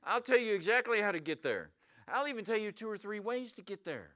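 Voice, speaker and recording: Man, pastor, sermon, high bright voice, smooth, questions the crowd. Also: fairly quick. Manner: animated, asks the congregation questions. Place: church sanctuary.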